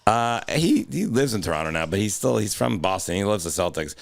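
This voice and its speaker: A man's voice: lowish voice, sing-song, fairly quick, creaky, no room sound. A young man co-hosting a comedy podcast in a studio, rambling, teasing and swearing in casual banter. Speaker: podcast co-host.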